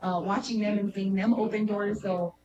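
Woman, comedian guest, casual, "like" and "um", mid-pitched, crowd noise behind, lo-fi. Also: fairly even intonation, normal speed. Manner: easygoing, many fillers like "like" and "um". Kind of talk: casual interview chat. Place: green room of a venue, indoors.

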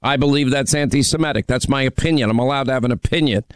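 A man's voice: medium pitch, fast talker, clear, resonant tone, dry recording. A man hosting a call-in radio show, needling and mocking a caller in a brash, combative way. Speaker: radio talk show host. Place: radio studio.

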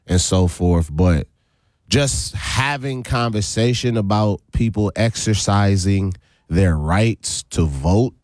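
A low-voiced man hosts a relaxed radio chat. He draws out his words and laughs easily. He is recorded close and dry in a studio. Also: no echo. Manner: laid-back, drawn-out, laughs often. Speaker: radio show host. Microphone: studio microphone.

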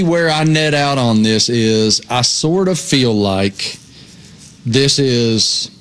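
Guy cohosting a sports show, thinks out loud, steady and measured, studio chat. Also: medium pitch. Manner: measured, thinks aloud with opinions. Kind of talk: casual sports talk.

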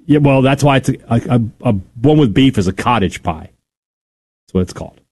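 A man's voice: mid-range voice, expressive, a little fast, a little mellow, slightly rough. A man co-hosting a sports talk radio show, joking and playful in casual banter.

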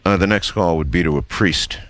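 A man's voice: low-pitched, brisk, a bit bright, a little hiss or hum. A man hosting a radio interview, asking skeptical, probing questions of his guests. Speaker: radio host.

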